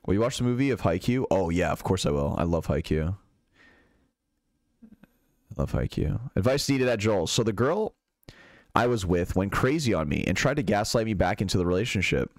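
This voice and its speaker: A young male streamer with a low voice that swings widely and lively as he talks. He chats loosely with his viewers, swears without a second thought and answers their questions. The sound is close and dry, with no room around it. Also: brisk, dry recording. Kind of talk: casual chat reading out live chat.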